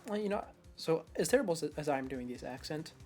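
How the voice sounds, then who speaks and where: Woman streamer chatting thru a game, self-mocking, lowish voice, quiet music behind. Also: lively intonation, fairly quick. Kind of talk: let's-play commentary.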